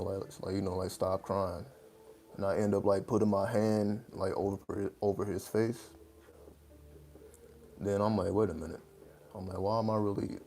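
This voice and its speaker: A man with a deep, slightly mellow voice hosts a casual livestream, with a bit of hiss or hum in the background. He rambles loosely, uses lots of fillers, and laughs between points.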